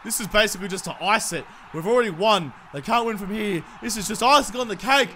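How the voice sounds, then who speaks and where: A young man commentating his own football video game, cheering loudly and swearing at the players. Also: high-pitched, quick pace, slight background noise. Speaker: gaming commentator. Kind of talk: excited gameplay commentary.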